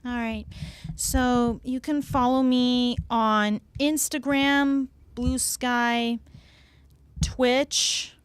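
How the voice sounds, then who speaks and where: A woman talking as a guest on a casual gaming podcast, halting and full of fillers and repeated words. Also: a little high, flat delivery, clear, resonant tone, no room sound.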